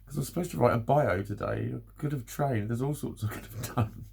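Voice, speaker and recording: A man's voice: medium pitch, brisk, creaky, a little mellow, breathy edge. A man, exhausted and rambling through an emotional personal vlog, swearing often and breaking into nervous laughs. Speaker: vlogger.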